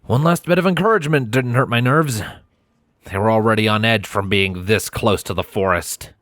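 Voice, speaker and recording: A man reads a story aloud in the first person, steady and measured. His voice sits low, and the recording is dry and close with no room sound. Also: no echo. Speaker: fanfiction audiobook reader. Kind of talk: first-person audiobook narration.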